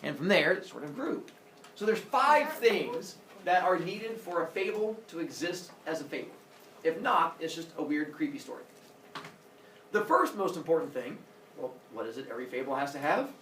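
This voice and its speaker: A man's voice: a little high, moderate pace. A man lecturing a class with comic flair, his voice rising and falling widely as he jokes and acts things out. He is heard from a distance in a roomy classroom with a faint hum behind him. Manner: animated, jokey, acts out voices and sound effects. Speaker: teacher. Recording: roomy echo, mic far off, faint room noise.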